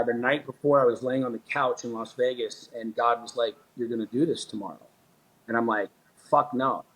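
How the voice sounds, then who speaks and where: A man's voice: medium pitch, a bit bright, poor audio. A middle-aged man telling a personal story as a podcast guest, earnest and intense, swearing often and restarting his sentences. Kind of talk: storytelling in conversation.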